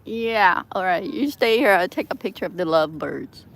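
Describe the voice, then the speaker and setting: A woman's voice: on the low side, lively intonation, normal speed, fairly bright tone, slight background noise. A woman live-streaming from an outdoor seaside plaza, chatting in a rambling way, laughing often and breaking into sudden outbursts.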